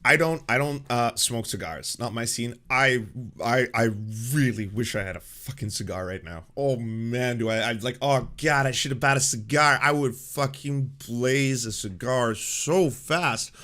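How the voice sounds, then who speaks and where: A man hosting a live-stream commentary show, talking in a profane, excitable, ranting way. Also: mid-range voice, a little slow. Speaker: streamer host.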